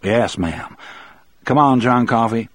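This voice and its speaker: A man's voice: mid-range voice, slow pace, fairly bright tone, no room sound, pitched above the performer's own voice. A man reading as a polite, firm prison guard.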